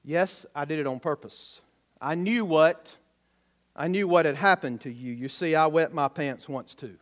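A man retelling a story speaks quietly as a kind little schoolgirl. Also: fairly high pitch, a little slow. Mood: quiet confession. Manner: quiet, soft-spoken.

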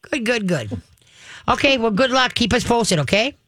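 A woman's voice: fairly high pitch, very animated, moderate pace, a bit bright, dry recording. A woman hosting a call-in radio show, talking in a folksy, chatty way full of fillers. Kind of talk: call-in advice chat.

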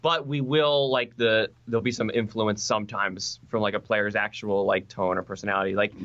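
Deadpan man, muffled sound. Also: lowish voice, moderate pace, slight background noise. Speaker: guest, web series co-creator. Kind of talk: casual chat.

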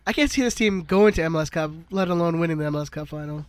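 A man's voice: fairly high pitch, racing, no echo. A man co-hosting a sports podcast, joking and swearing freely in casual chat. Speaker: podcast co-host.

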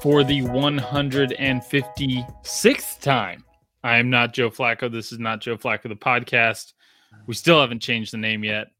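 A man's voice: mid-range voice, level tone, a little slow, sharp tone, soft background music. A man who grew up in Australia, in his thirties, hosting a casual podcast and rambling with frequent restarts. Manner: rambling, self-interrupting, laughs often. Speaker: podcast host.

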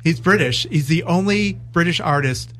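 Relaxed man co-hosting a podcast. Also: fairly high pitch, normal speed, a little hiss or hum. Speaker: podcast co-host. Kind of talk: casual chat.

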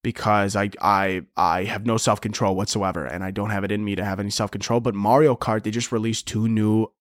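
A man's voice: steady tone, fairly quick, dry recording, clean studio sound. Rambling sarcastic young guy podcasting solo. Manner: rambling, sarcastic, swears a lot; swings into squeaky mocking voices for bits. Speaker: podcast host. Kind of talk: solo comedy podcast rant.

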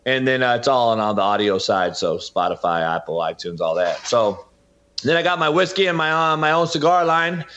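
A man's voice: medium pitch, expressive, moderate pace, a bit bright. A middle-aged man, a football coach and podcaster, talking emphatically as a guest in an interview and often addressing the host by name. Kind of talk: impassioned interview talk. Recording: dull lo-fi audio.

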